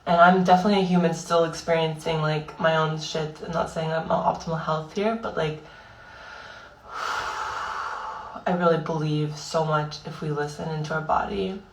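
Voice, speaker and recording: A young woman speaking through grief in a raw, halting personal vlog, swearing often and pausing on fillers while tearful. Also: low voice, steady tone, reverberant, distant mic, a little hiss or hum, rough recording. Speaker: vlogger. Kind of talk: emotional personal monologue.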